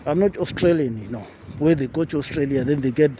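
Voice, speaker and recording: A man from Africa telling a personal story to camera as a vlogger, animated and acting out quoted exchanges in a raised voice. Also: fairly high pitch, fast talker. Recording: urban outdoor noise with passing traffic.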